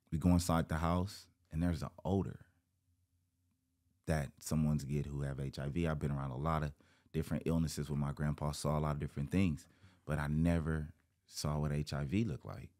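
A man with a very low voice sits as a guest and tells a long story. He acts out the other people's voices as he goes. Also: fairly even intonation, normal speed, warm tone. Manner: acts out quoted voices, jumping high in pitch. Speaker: interview guest. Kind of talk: animated storytelling.

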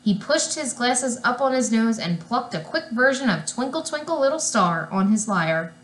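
A woman reading a children's chapter book aloud in an unhurried, lively storytelling manner. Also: a little high, roomy sound. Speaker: reader.

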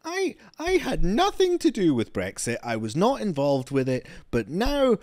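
A smug male politician who waves away all blame, put on by a man. The voice jumps well above the speaker's own pitch and bounces in a whiny, mocking sing-song. It swings widely in tone and sounds dry and close. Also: wildly swooping pitch, a little slow, darkish tone, dry recording, full character voice.

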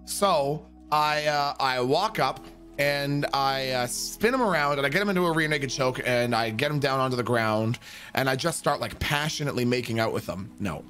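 A man telling an animated anecdote in a profane, emphatic way, acting out the quotes. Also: mid-range voice, moderate pace, faint music behind. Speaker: roleplay streamer.

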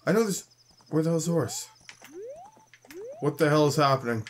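Let's play host from Canada, young and chatty; slightly raised pitch, casual grumbly commentary over faint noise. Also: male voice, moderate pace. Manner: chatty, grumbling, jokey, reads game text aloud.

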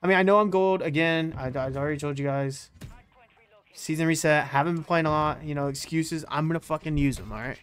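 A man giving excitable, swear-filled live commentary over his own online shooter match, trash-talking as he plays. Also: fairly high pitch, a little fast, clean tone, faint music behind. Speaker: gaming YouTuber.

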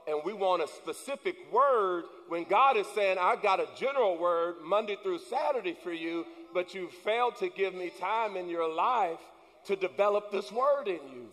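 A man preaches in a church, swinging between quiet asides and shouted, rising points. His voice carries a long hall reverb as he calls out to the congregation. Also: high-pitched, animated, moderate pace. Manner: preaching with rising, shouted emphasis and call-and-response. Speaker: pastor. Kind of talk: sermon. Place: church sanctuary.

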